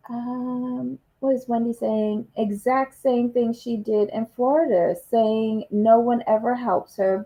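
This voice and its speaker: A woman's voice: on the high side, slow, dark tone. A woman co-hosting a recap show on a livestream, chatting casually and greeting viewers in the chat one by one. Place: lives abroad in Malta.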